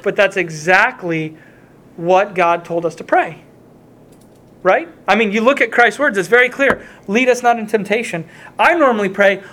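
A man's voice: high-pitched, normal speed, sharp tone. A man preaching a sermon, earnest and repetitive, quoting scripture.

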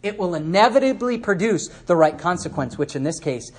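A man's voice: high-pitched, animated, fairly quick. Conversational male preacher teaching scripture. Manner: conversational, asks the listeners questions and adds asides; acts out quoted speakers in changed voices. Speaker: preacher teaching a Bible passage. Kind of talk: sermon.

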